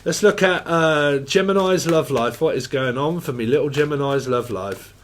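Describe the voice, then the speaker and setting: Male tarot reader, fairly high voice, crude, joking, rambling. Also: moderate pace, slight background noise. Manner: rambling, crude and jokey, laughs often. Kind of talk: casual tarot reading.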